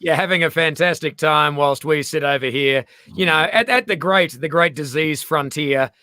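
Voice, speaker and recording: A man's voice: on the high side, normal speed, sharp tone, dry recording, clean studio sound. An Australian man, a guest, in casual chat, joking, swearing and telling stories.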